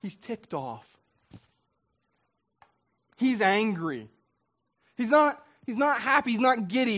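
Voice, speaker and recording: A man preaching a sermon as a pastor, in a lively, conversational way that acts out what people say. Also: high voice, takes it slowly, pauses often.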